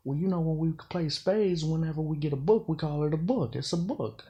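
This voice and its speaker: A man's voice: a little high, a little fast, hardly any pauses, dark tone. A man giving casual commentary on battle rap, explaining slang and double meanings and often saying "you know". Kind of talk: casual bar breakdown commentary.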